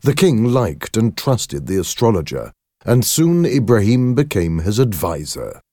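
A man reading a storybook aloud as narrator, slow, clear and carefully paced. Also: fairly low pitch, big pitch swings, warm tone, dry recording, studio quality.

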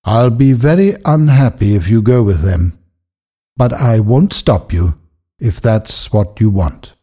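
A man voicing a poor, devoted older weaver in a storybook reading, speaking quietly and with feeling. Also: on the low side, expressive, measured pace, slightly rough. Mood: pained. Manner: quiet, emotional.

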